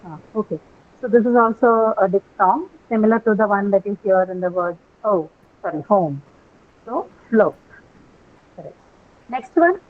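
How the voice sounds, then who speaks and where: A woman's voice: medium pitch, expressive, moderate pace, long pauses. Woman, English teacher, patient, spells words out and repeats them, slightly muffled recording. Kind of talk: live class instruction.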